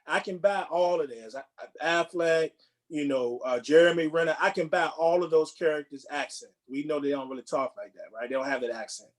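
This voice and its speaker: A man with a slightly raised pitch chats loosely as a podcast co-host. He rambles, doubling back on words and restarting sentences in an easygoing way. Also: fairly quick. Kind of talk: casual chat.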